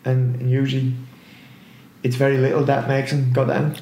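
A man's voice: mid-range voice, little pitch movement, moderate pace, mellow, reverberant, a little hiss or hum. A man co-hosting a casual football podcast, rambling and often asking "you know what I mean". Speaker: podcast co-host.

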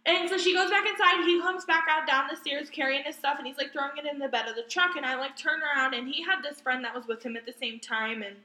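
A woman co-hosting a podcast, telling a story in casual chat with heavy swearing. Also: high-pitched. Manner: heavy swearing, fast and animated. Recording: echoey room.

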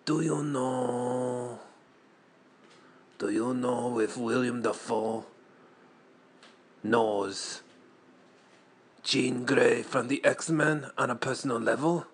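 Slow, gravelly deadpan man. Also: medium pitch, a little hiss or hum. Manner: deadpan, asks rambling rhetorical questions. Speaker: comedian. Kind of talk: absurdist comic monologue.

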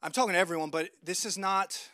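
Male preacher, high voice, dry close sound, earnest and emphatic, circles back on his words. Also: quick pace, pushed and bright, dry recording. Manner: earnest, emphatic, repeats words and restarts phrases. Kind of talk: sermon.

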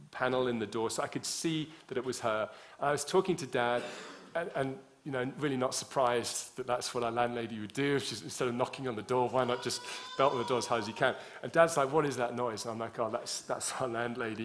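A man telling a personal story in the middle of a sermon, talking in a conversational way with many restarts. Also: medium pitch. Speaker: preacher.

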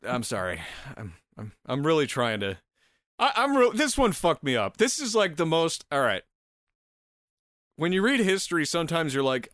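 A man hosts a casual podcast and tells a history story, laughing sarcastically, swearing often, and stumbling over his words. His fairly high, fairly bright voice is very animated at a normal speed. The recording is dry and studio quality.

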